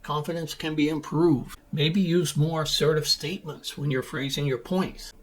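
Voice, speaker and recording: Husky-voiced male business English coach. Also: fairly high pitch, moderate pace, hardly any pauses. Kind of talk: teaching monologue to camera.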